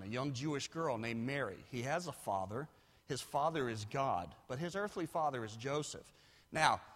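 Man, middle-aged pastor, sermon, emphatic, joking asides, echoey hall. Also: on the high side.

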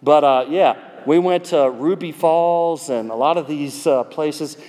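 A man's voice: a little high, a little slow, mellow. A man preaching an expository sermon in a conversational, digressive way, with asides to the congregation. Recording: long reverb in a large hall.

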